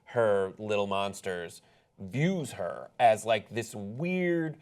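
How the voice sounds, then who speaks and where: A man's voice: on the low side, animated, takes it slowly, darkish tone. A man co-hosting a pop culture talk show, chatting casually with a wry, critical edge. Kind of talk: casual chat.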